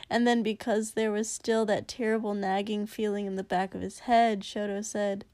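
A woman narrating a story in a steady, unhurried reading. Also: mid-range voice, no room sound. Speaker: audiobook narrator. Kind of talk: story narration read aloud.

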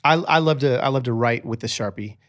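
A man who is a podcast guest, telling stories in a chatty, animated way with many restarts. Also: medium pitch, brisk. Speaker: podcast guest, author and speaker. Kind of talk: casual storytelling interview.

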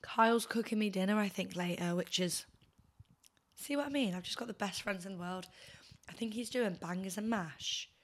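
A woman's voice: medium pitch, moderate pace. A young woman hosting a podcast, hungover and tired, chatting casually in a rambling, gushing way full of fillers. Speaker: podcast host. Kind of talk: casual chat.

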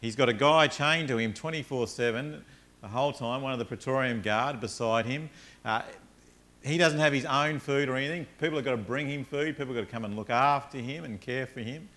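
Animated male preacher. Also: medium pitch, fairly quick. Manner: animated storytelling, acts out characters. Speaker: pastor. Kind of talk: sermon.

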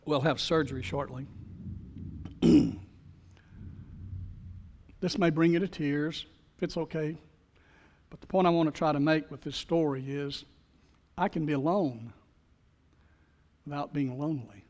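Male pastor with a high voice, preaching with call-and-response in a large sanctuary, long reverb. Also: a little slow, pauses often, a little mellow. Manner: storytelling with call-and-response, leading the congregation in repeated phrases. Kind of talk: sermon.

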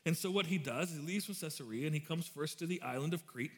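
A male pastor in his thirties delivers a sermon in a loose, conversational way. His voice sits a bit high, and he tells jokes and stories as he goes. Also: fast, fairly bright tone. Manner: joking storyteller, chatty and informal.

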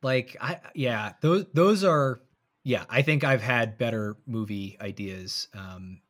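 A man co-hosting a casual movie podcast, rambling with many fillers and trailing off softly. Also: mid-range voice, slow pace. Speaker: podcast co-host. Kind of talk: casual movie review chat.

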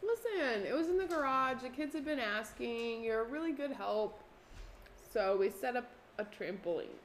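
Wry woman co-host with quick asides. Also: on the high side, animated, a little hiss or hum. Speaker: podcast co-host. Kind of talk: casual chat.

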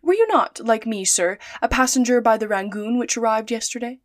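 A woman's voice: on the high side, a little fast, no room sound, clean studio sound, lightly acted. Woman reader playing a sly, fawning detective man, storybook read-aloud. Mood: feigned politeness. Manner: eager, falsely courteous. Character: scheming, overly polite male detective.

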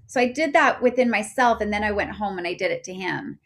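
Creaky-voiced chatty woman guest. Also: mid-range voice, fairly quick. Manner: chatty, peppered with fillers, gets loud when excited. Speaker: podcast guest. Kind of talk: personal storytelling interview.

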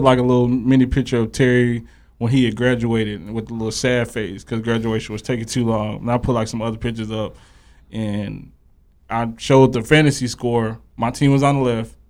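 A man hosting a casual podcast spins a long story, animatedly voicing both sides of an argument. His voice sits in an ordinary middle pitch. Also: fairly even intonation, normal speed. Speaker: podcast host.

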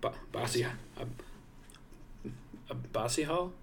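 A man's voice: mid-range voice, takes it slowly, gravelly, a little hiss or hum. A man co-hosting a casual comedy podcast, playful and joking. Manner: playful, animated. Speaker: podcast co-host.

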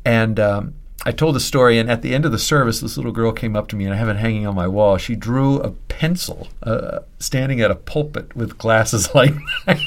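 A man from Pennsylvania, a seminary professor and preacher, telling a story in an unhurried podcast conversation with fillers. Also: mid-range voice.

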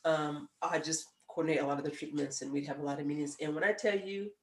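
A woman in her forties, a podcast guest, telling stories in a lively, emphatic way and laughing now and then. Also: sits low, quick pace, roomy sound. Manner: animated storyteller, emphatic and laughing. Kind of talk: casual chat.

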